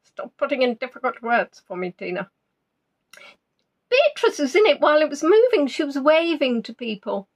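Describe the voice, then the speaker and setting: A woman runs a live online quiz. Her voice sits a little high. She chats and teases her players as she goes through their answers, and her pitch swings a lot. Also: very animated, moderate pace, highs cut off. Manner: teasing, chatty, reads out names and answers with big pitch swings.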